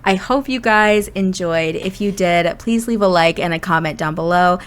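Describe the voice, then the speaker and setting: A woman's voice: on the low side, moderate pace, smooth. A woman narrating her life-simulation game in a casual, chatty way, often restarting her sentences. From Indiana. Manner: chatty, many restarts and "you know" fillers. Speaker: Sims gameplay narrator. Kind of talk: casual gameplay storytelling.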